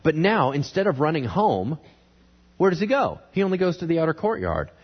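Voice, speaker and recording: Male pastor preaching, husky voice with lively pitch, acts out the scripture dialogue, muffled lo-fi recording. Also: a little fast. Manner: dramatic, voices the characters with big pitch swings. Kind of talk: sermon reading and commenting on scripture.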